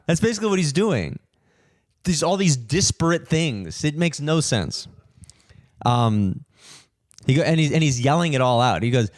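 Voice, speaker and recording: A young man hosting a podcast, telling a story in an animated, swearing rant and mimicking people in higher voices. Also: normal speed, dry recording, clean studio sound. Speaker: podcast host, comedian.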